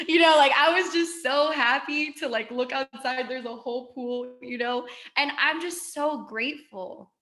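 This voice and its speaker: Her voice sits high, bright and forceful as this twenty-something woman speaks as a guest on a video call. The motivational talk is emotional and gushing, delivered quickly in a chatty way.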